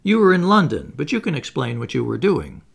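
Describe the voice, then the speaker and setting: A man voicing a plump middle-aged gentleman who stammers a little and picks his words. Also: medium pitch, huge pitch swings, fairly quick, gravelly, exaggerated voice. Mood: reassuring. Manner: stammering, picking words, pleasant.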